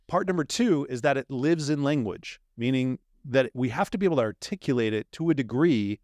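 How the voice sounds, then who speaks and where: A man on a podcast as a guest, explaining his ideas in an animated way and acting out little quoted exchanges. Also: mid-range voice, a little fast, no echo, clean studio sound. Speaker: dream manager guest. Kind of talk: podcast conversation.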